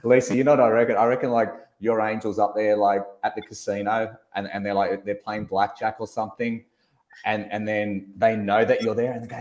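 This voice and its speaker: A man hosting a casual chat, joking and telling animated stories. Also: fairly low pitch, brisk, roomy sound. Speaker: host.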